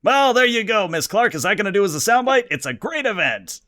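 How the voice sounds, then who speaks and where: A man's voice: sits high, very animated, fairly quick, pushed and bright, pitched above the performer's own voice, full character voice. A man doing a brash, pushy showman. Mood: smug. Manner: salesman-like, nudging. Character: brash male showman glad-handing the press.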